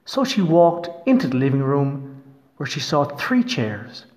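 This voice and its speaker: A man reading a fairy tale aloud in an expressive, storytelling manner. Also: fairly high pitch, measured pace.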